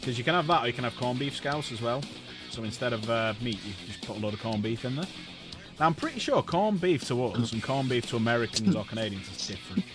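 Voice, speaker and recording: Male streamer host, easygoing chatter, clear guitar music playing under him. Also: medium pitch, expressive, fast. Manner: chatty and jokey, repeats phrases. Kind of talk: casual live-stream chat.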